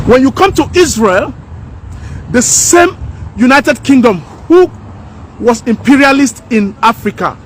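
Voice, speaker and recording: A woman rants fervently to her camera outdoors, hammering her points home by saying them twice. Her delivery is preachy and fiery. Light traffic hums faintly behind her. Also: fairly high pitch. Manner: fiery, preachy, repeats lines for emphasis. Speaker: vlogger. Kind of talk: impassioned opinion vlog. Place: outdoors by houses.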